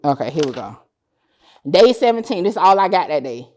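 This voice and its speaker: A woman's voice: fairly low pitch, a little fast. A woman in an interview seat tells a long story in a loose, casual way. She swears freely and slips into the voices of the people she is quoting, giving the tale an acted-out feel. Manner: animated, acts out dialogue, swears freely. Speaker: interview guest, court-case content creator.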